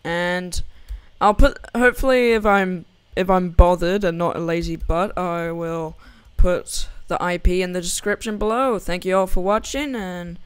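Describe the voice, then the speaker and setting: Young gamer, rambly and giggly, smooth voice, dry close mic. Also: mid-range voice, steady tone, a little slow, dry recording. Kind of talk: casual gameplay commentary and joke telling.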